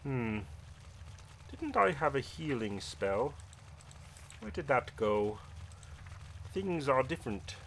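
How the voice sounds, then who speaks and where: A man's voice: mid-range voice, very animated, takes it slowly, pauses often, fairly bright tone, slight background noise, full character voice. A man voicing a pompous, zealous paladin who hates monsters, speaking in formal old-fashioned phrases as he plays a game. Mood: pondering. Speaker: game player role-playing his character. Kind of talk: in-character role-play over gameplay.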